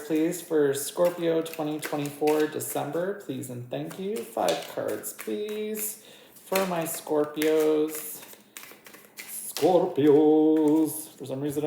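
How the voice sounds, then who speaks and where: Woman tarot reader, deep voice, chatty and giggly, faint hiss in an echoey room. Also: a little slow, creaky, dark tone. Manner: chatty, giggly, talks to her cards. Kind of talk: casual tarot reading.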